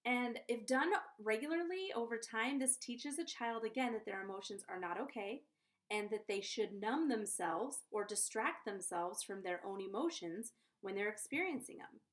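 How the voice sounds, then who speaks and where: A woman's voice: fairly high pitch, expressive, moderate pace. A woman giving parenting advice in a casual vlog, chatty and earnest, often checking in with the viewer. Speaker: conscious parenting coach.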